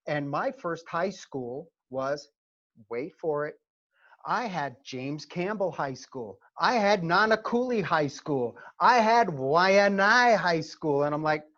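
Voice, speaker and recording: A middle-aged man, a former Army first sergeant, tells stories to advise students. He often stops to check in with "okay?". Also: fairly high pitch. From New York. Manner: animated storyteller, frequent "okay?" check-ins. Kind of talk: conversational seminar talk. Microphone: video call. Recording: lo-fi video call audio.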